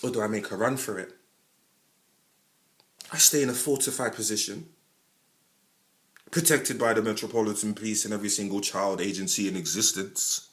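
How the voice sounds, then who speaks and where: A man with a London accent, giving a passionate monologue as a podcast host, speaking straight to the listener with plenty of slang and sudden loud bursts. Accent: London English. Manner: animated, switches between loud outbursts and low asides; heavy London slang, addresses listener directly. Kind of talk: impassioned monologue.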